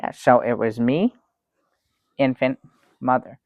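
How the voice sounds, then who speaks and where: A man playing an excitable talk show guest in an improvised comedy sketch, rambling and halting, breaking into theatrical exclamations. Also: mid-range voice, dry recording. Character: fussy excitable man telling a travel story. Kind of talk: improvised comic storytelling.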